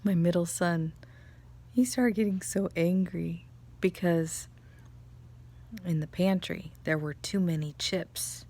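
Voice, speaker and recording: A mother chatting casually about spiritual energy, telling family stories with animated laughter. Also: fairly low pitch, slow, pauses often. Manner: animated storytelling, laughs often. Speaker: vlogger, mother. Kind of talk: casual chat, spiritual reflection.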